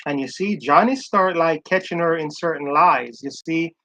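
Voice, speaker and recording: A man's voice: fairly high pitch, normal speed, bright, forceful tone, low-quality recording. A man giving casual, emphatic commentary on a live stream, reacting to audio he plays and repeating his points. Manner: emphatic, chatty, repeats himself.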